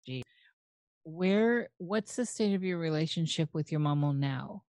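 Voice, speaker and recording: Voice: mid-range voice, expressive, a little slow, a little mellow, no room sound. A host interviewing a guest, reacting with open enthusiasm. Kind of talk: casual interview chat.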